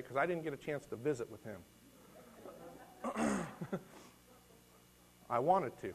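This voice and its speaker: A middle-aged man preaching a conversational sermon, telling a personal story in a folksy way, often restarting and clearing his throat. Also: mid-range voice, slight background noise. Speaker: lay preacher.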